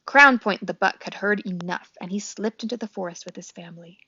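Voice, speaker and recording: A woman reads a children's storybook aloud in a gentle, clear manner, at a middle pitch. The recording is dry and a little dull. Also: fairly quick, no echo. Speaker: storybook reader. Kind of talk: reading a children's book aloud.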